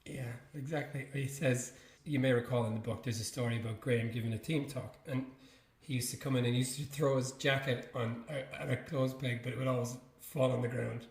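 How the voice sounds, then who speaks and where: Male podcast co-host, relaxed and laughing; echoey room sound. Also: mid-range voice, a little fast, vocal fry. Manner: relaxed, laughs often, tees up audio clips. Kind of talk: casual chat.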